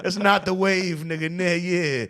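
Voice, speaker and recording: A man reacting to a clip, laughing often and talking in loud, slangy disbelief. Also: sits high, fairly even intonation, unhurried. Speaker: streamer reacting to a video. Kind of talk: casual reaction commentary.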